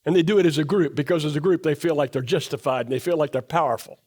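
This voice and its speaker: A middle-aged man preaches in a church sanctuary, his voice a little higher than most men's. He is emphatic and presses rhetorical questions on the congregation, and he sinks low and quiet to drive home a point. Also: fast talker. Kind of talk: sermon.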